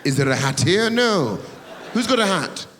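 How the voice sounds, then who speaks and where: Brash comedian in a big theatre. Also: male voice, high voice, big pitch swings, moderate pace, fairly bright tone. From England. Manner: brash, swearing, teasing the audience. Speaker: stand-up comedian. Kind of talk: stand-up comedy set. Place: large theatre, live audience. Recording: reverberant theatre with audience noise.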